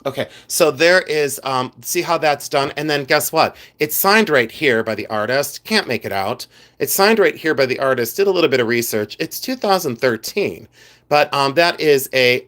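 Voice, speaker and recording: A man's voice: medium pitch, fairly bright tone. A man hosting a casual live stream from his home studio, chatting to viewers in a scattered, rambling way. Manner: chatty, scattered, talks to chat while rummaging around. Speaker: livestream host, silversmith.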